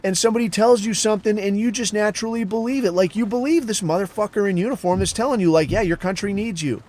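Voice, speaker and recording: A man's voice: high-pitched, a little mellow. A middle-aged man hosting a podcast, talking bluntly in a casual monologue full of swearing and self-questioning. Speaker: podcast host.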